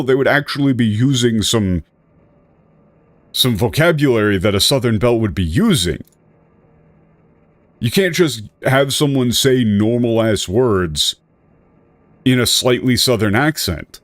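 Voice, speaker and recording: A man's voice: mid-range voice, lively intonation, a little slow, long pauses, no room sound. A male streamer giving rambling, self-correcting casual commentary with an exasperated edge.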